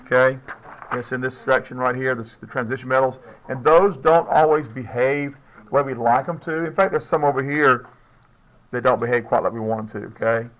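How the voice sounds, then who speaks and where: A man teaching chemistry to a classroom of students. His pitch sits in the middle range, and he speaks in a loose, chatty way. He jokes now and then and keeps checking whether the class is following. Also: steady tone, a little fast, a bit bright, poor audio. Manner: casual, joking, checks in with students often. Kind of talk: classroom lecture.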